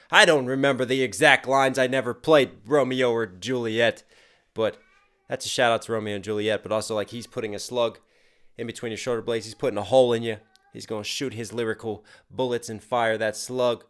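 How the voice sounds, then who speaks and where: A man with a mid-pitched voice hosts a casual music reaction, talking in a hyped, animated way. He picks apart lyrics line by line with the ease of a rapper talking shop. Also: brisk.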